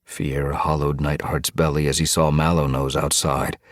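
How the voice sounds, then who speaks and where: A man narrating an audiobook with expressive, dramatic storytelling. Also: extremely low pitch, normal speed, no room sound, studio quality. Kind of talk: scripted narration.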